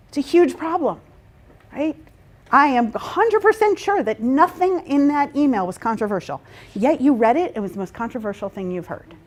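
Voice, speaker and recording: A woman facilitating a workshop, explaining to a group and checking in with "right?" and "okay?". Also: sits high. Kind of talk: interactive workshop talk.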